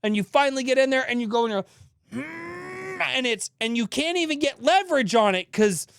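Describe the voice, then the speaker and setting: A man's voice: very high-pitched, animated, fast talker, a bit bright, clean tone, no room sound, clean studio sound. A man in his thirties co-hosting a comedy podcast, telling rambling stories, swearing and acting out his own grumbling. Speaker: podcast co-host. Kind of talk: casual comedic storytelling.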